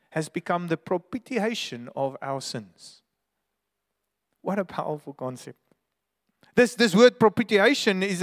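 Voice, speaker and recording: A man's voice: a little high, long reverb tail. A man preaching a sermon as pastor, earnest and emphatic, sometimes restarting his words.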